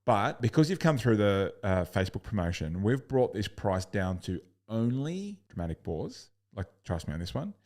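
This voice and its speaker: A man's voice: lowish voice, sing-song, moderate pace, hardly any pauses, a little mellow. A man coaching sales in a recorded lesson, blunt and upbeat, swearing casually and acting out customer calls.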